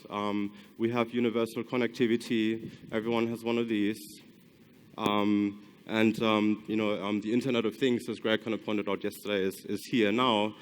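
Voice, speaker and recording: A man's voice: lowish voice, level tone, moderate pace, clean tone. A man from Germany with a German accent tinged with Australian, giving a conference talk and often hesitating with ums and restarts. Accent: German with some Australian. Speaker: conference speaker. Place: conference hall.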